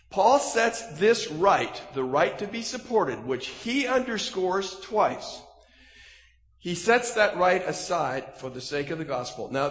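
High-voiced preacher in an echoing hall. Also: male voice. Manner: animated preaching, voice rising to emphatic peaks. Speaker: pastor. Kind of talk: sermon. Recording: echoey hall, reverberant room.

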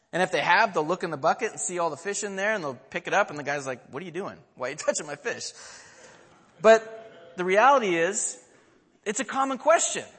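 High-voiced man preaching in a hall. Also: a bit bright. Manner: storytelling, asks the listeners questions. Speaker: pastor. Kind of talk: sermon.

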